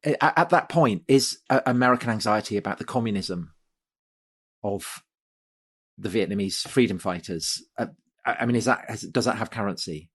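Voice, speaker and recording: Halting male podcast host asking questions. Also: fairly low pitch, fairly bright tone, husky. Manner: halting, repeating words as he works out questions. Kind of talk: casual podcast discussion.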